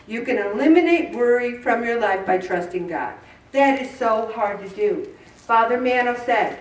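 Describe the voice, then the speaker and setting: A woman's voice: on the high side, lively intonation, normal speed. A woman in her sixties giving a chatty, self-mocking faith talk to a group and asking them questions. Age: 60s. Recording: roomy, distant mic.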